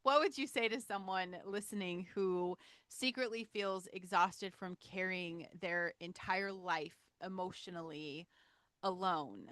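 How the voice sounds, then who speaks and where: A woman's voice: fairly low pitch, measured pace, fairly bright tone. A woman in her forties hosting a podcast, chatty and blunt, casually swearing as she rambles. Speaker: podcast host. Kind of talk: casual interview chat.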